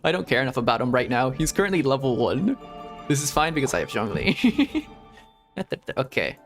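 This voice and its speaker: A man streams a game as a VTuber, chatting casually and playfully with lots of laughs and joking asides over game music. His medium-pitched voice is very animated at a normal speed.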